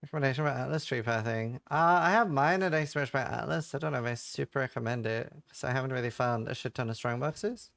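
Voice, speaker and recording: A man's voice: medium pitch, fast, gravelly, few pauses, a bit bright, no echo. A man chatting casually as a streamer while playing a game, slangy and playful. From Norway. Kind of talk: casual gaming commentary.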